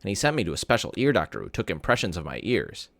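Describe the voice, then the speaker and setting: A man reads a novel aloud for his class, with a lowish voice that rises and falls with animation. The sound is dry and close, with no room echo. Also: fast talker, creaky. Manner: animated storytelling. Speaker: teacher reading to students. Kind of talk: expressive read-aloud of a novel.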